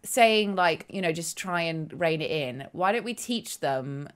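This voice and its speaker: A woman's voice: deep voice, lively intonation, measured pace, clean tone. A young woman co-hosting a podcast in casual chat, talking in a loose, chatty way full of fillers. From Britain. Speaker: podcast co-host.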